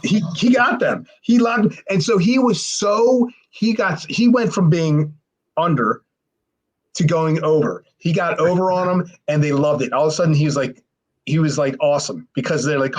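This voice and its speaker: A man, a former pro wrestler guesting on a podcast, telling a rambling, profane story and mimicking others in a high voice. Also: moderate pace. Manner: animated, mimics others with sharply raised pitch. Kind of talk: casual storytelling.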